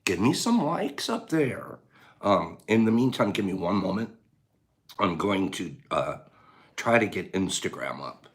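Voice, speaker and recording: A man's voice: low-pitched, unhurried. A man hosting a casual live stream with a scratchy voice, greeting viewers, joking and breaking into laughter. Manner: animated, bursts of laughter and loud exclamations.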